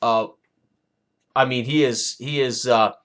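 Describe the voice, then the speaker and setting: A man narrating a tabletop game as game master, halting, with many fillers and restarts. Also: mid-range voice, fairly even intonation, a bit bright.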